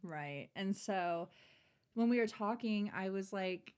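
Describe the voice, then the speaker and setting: A woman's voice: mid-range voice, expressive, takes it slowly, a little mellow, clear, resonant tone. A woman in her twenties, a podcast guest, telling a personal story in candid, chatty talk full of "like" and swearing. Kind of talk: casual chat.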